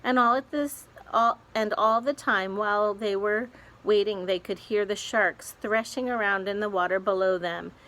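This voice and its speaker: A woman reading a children's novel aloud in a steady storytelling way. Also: mid-range voice, normal speed. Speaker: reader.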